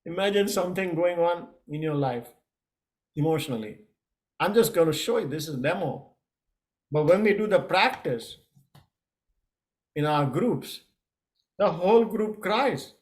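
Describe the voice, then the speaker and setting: A middle-aged man coaching a yoga lesson in a casual, halting way, with many fillers and restarts. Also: on the high side, animated.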